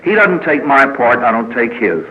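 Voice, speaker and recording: A priest speaks before a live audience in a meeting hall at a recovery meeting, telling stories in a folksy way with jokes and acted quotes. His mid-range voice is very animated at a moderate pace, and the audio is narrow and tinny.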